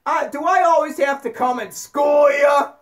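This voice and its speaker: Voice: sits high, moderate pace, voice pushed up, close to an everyday voice. Someone playing a profane, exasperated Jesus. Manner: shouting, profane, impatient. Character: exasperated Jesus scolding his followers.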